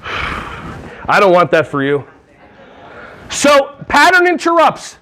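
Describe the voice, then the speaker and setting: A man from New Jersey giving a playful, animated keynote on early childhood classroom management to a conference crowd. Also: very high-pitched, slow pace. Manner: playful and animated, breaking into silly voices and songs. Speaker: early childhood education trainer. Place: large conference hall.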